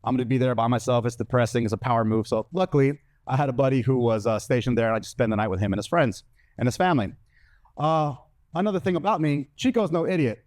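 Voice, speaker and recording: A man's voice: medium pitch, fast talker, a little mellow, no room sound. A man doing stand-up comedy, telling a story in a brash manner and acting out the lines of other people in put-on voices.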